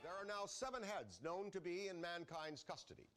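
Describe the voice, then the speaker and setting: A man narrating an advertisement in a solemn, earnest, measured way. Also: high-pitched, expressive, fairly bright tone, soft background music. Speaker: commercial narrator.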